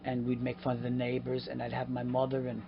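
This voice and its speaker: A man, a podcast guest and comedian, telling animated stories in casual chat, outdoors at a harbor. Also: medium pitch, quick pace, vocal fry, background noise. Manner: animated, acts out voices in his stories. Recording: dull lo-fi outdoor recording with faint ambience.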